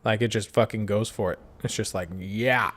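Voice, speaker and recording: A man's voice: fairly low pitch, steady tone, normal speed, fairly bright tone. A man co-hosting a podcast in crude, joking casual chat, laughing easily. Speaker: podcast co-host.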